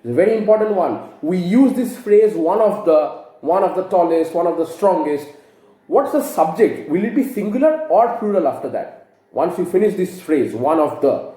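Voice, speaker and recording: A man teaches grammar, patiently walking through each example and quizzing his viewers. His fairly high voice is mellow and rises and falls in a lively way. The room around him adds a noticeable echo. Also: normal speed. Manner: explains patiently, asks rhetorical questions. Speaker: English teacher. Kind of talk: grammar lesson to camera.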